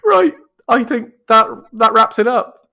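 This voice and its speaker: A man's voice: very high-pitched, expressive, a little slow, creaky, bright, forceful tone. A young man co-hosting a podcast, teasing his friend in casual banter. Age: young adult. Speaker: podcast co-host. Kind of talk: casual chat.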